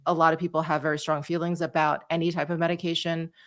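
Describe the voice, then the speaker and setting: A woman's voice: deep voice, level tone, fast talker. A woman in her forties co-hosting a podcast, talking in a casual, hesitant way and searching for her words. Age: 40s. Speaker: podcast co-host. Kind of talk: casual chat.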